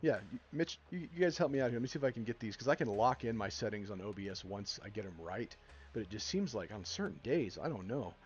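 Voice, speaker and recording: Mumbly low-voiced man streaming over music. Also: fast, lo-fi sound. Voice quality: mumbly, low-key delivery. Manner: relaxed, rambling, thinks out loud. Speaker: live-stream host drawing fan art. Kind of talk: casual live-stream chat while drawing. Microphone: desktop streaming mic. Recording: music playing loudly behind voice.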